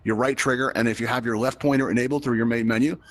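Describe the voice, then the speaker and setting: A man leads a live tutorial for a crowd inside virtual reality, speaking fast in a mid-range voice. He is chatty and encouraging, checking in with his audience all the time. The sound is close and direct, like a headset mic. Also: mid-range voice, fairly even intonation, dry recording. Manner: upbeat, chatty, addresses the crowd with frequent "right?" checks. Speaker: VR event host and instructor.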